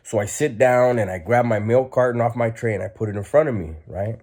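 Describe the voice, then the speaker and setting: A man's voice: medium pitch, a little fast, darkish tone. A man telling a story in a casual, blunt, streetwise way, with lots of fillers.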